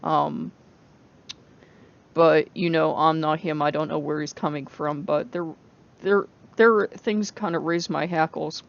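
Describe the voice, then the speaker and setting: A person talks candidly to camera, rambling and often breaking off mid-thought with a laugh. The voice is gravelly and sits mid-range. The recording is dull and lo-fi. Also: mid-range voice, fairly even intonation, a little slow. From United States. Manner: candid and emotional. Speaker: book vlogger. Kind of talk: casual talk to camera.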